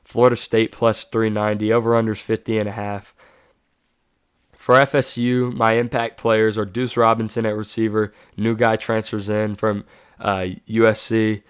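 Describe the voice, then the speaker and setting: A man hosts his own sports talk show, running through game predictions in a casual, offhand way. He often catches and corrects himself mid-sentence, and his voice is smooth and resonant. The close, dry recording leaves no room sound. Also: on the low side, level tone, normal speed, no echo. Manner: casual, self-correcting, hyping players.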